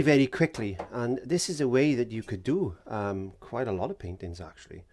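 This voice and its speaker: A man teaching a painting lesson, gentle and encouraging, sometimes dropping into whispered asides, indoors in a studio. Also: medium pitch, lively intonation, normal speed, slight background noise. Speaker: art teacher. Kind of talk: painting tutorial.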